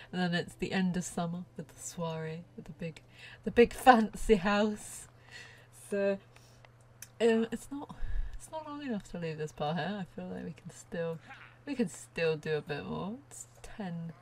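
A woman's voice: fairly low pitch, a little mellow. A woman chatting casually through a gameplay session as a let's play host, laughing often and now and then dropping to a near whisper.

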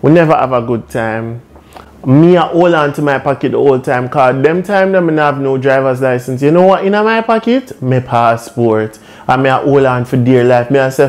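A young man with a Jamaican accent telling a comic storytime, animated and laughing as he goes. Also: mid-range voice, moderate pace. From Caribbean. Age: young adult. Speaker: vlogger.

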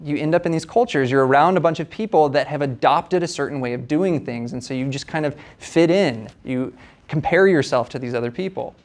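A man's voice: fairly high pitch, a little fast. A young man giving a casual university lecture in a conversational, hedging way, checking in with frequent tag questions.

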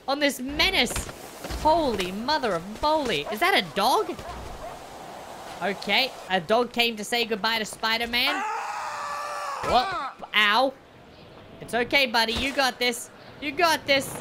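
A woman's voice: on the high side, animated, measured pace, noisy background. A woman giving playful, jokey reaction commentary as a video host, full of exclamations.

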